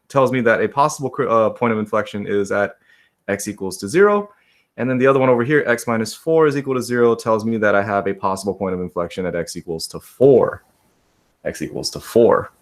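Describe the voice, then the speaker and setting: A male math teacher talks his class through a problem in a relaxed way. He keeps checking in with "right?", says his students' names and jokes a little at his own expense. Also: medium pitch. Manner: casual, checks in often with "right?"; talks to students by name, self-deprecating asides. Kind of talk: live classroom lesson.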